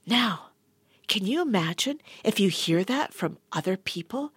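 A woman giving a motivational talk and guiding affirmations in a studio, animated, laughing often and dropping into soft whispers. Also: medium pitch, measured pace, breathy edge, no echo. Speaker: wellness speaker. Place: studio with a sound engineer.

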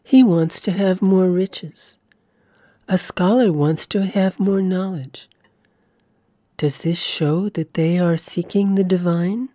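A soft-spoken little girl asks a serious question, read by a woman. The voice stays low and unhurried, gentle and a little hesitant. It is recorded dry and close. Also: no room sound. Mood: earnest.

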